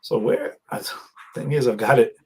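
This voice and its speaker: Husky man chatting on a livestream. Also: mid-range voice, normal speed, warm tone, rough recording. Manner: chatty, rambling, laughs at himself. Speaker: livestream host. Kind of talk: casual livestream commentary. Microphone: headset.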